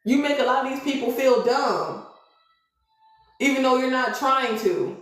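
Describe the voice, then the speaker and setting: This tarot reader's voice is high-pitched and a little slow. Reading tarot on a livestream, she sounds preachy and emphatic, frequently pausing to ask her audience "okay?", and the room around her is very echoey.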